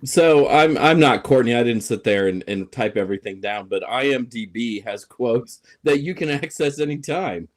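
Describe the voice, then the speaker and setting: A man co-hosting a relaxed chat show. His voice sits at an ordinary middle pitch. He makes jokes with a sarcastic bite. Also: normal speed, hardly any pauses. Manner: sarcastic, joking. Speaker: co-host. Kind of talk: casual chat.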